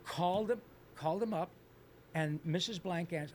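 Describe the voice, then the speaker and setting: A man on a convention panel telling a lively anecdote and voicing the people in it. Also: high voice, moderate pace, a little hiss or hum. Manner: lively storyteller, voices the people he quotes.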